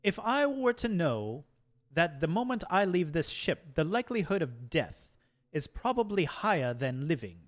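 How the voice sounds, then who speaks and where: A man voicing a calm, shrewd male ship captain in a tabletop game, speaking in a measured, cryptic way. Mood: persuasive. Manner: measured, cryptic, lively pitch swings. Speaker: game master. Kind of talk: tabletop game role-play.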